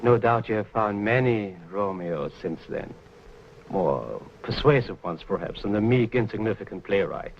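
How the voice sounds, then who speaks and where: An actor playing a smug, vengeful Nazi propaganda minister in 1940s film acting, gloating and silky, on dull lo-fi old film sound. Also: male voice, lowish voice, expressive, moderate pace, a little hiss or hum. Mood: mocking. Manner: gloating, silky, holds grudges.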